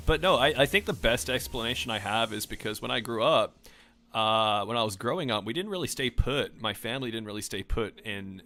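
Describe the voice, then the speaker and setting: Aussie gamer guy ranting off the cuff, crisp bright voice, heavy rolled-on r's, keeps second-guessing himself. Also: lowish voice. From Australia. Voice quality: strongly emphasized R sounds. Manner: rambling, self-questioning. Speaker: gaming vlogger. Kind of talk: casual rant over gameplay.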